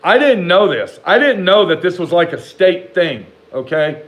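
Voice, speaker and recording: A man telling a rambling personal story to the camera in a casual, animated way, swearing freely and talking back to imagined critics. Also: high voice, poor audio. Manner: profane, rambling, talks back to imagined haters; animated, jumps between slow emphasis and rushed asides.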